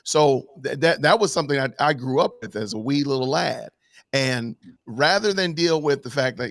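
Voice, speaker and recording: A man's voice: medium pitch, expressive, moderate pace, creaky, a bit bright, no room sound. A man taking part in a live online panel discussion over a video call, arguing emphatically with many rhetorical questions. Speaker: panel guest.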